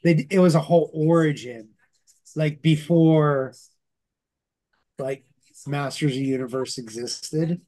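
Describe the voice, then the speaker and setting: A man's voice: a little high, measured pace, pauses often, mellow. A man co-hosting a podcast in casual chat, laid-back and brief in his remarks.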